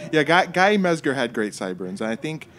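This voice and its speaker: A man's voice: fairly high pitch, big pitch swings, measured pace, a bit bright. A man from California giving casual, rambling commentary while watching fight footage, often laughing at his own jokes.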